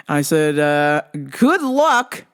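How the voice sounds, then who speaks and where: A woman's voice: low-pitched, very animated, very slow. A woman hosting a podcast, telling retail customer stories with blunt, sarcastic, constantly swearing comedy. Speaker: podcast host. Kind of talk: profane comedic storytelling.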